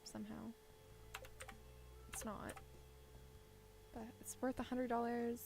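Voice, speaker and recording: A woman streaming a farming game, rambling and thinking out loud with little laughs into a low-set desk mic. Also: flat delivery, takes it slowly, vocal fry. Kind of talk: casual gameplay commentary. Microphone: desk microphone set low.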